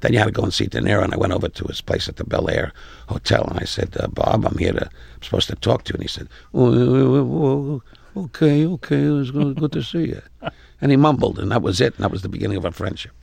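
A gravelly, husky older man in his eighties with a New York accent, telling stories as a comedian guest. He delivers them in a brash way and gets loud at the punchlines. His low voice sounds dry and close. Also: very fast, no echo. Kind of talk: interview anecdotes.

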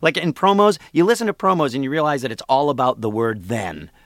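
Sex: man. Role: voice actor guest. Style: radio interview chat. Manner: chatty, self-deprecating. Pitch: mid. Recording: dry studio. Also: animated, brisk, no room sound. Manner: chatty, self-deprecating, many fillers and laughs.

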